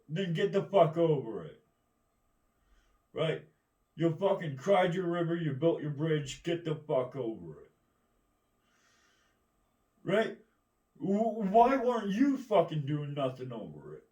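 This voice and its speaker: A man's voice: fairly high pitch, very animated, unhurried, long pauses, darkish tone. A man ranting in a rambling, combative monologue, swearing constantly and often asking "right?". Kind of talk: profane monologue rant. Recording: echoey room, distant mic.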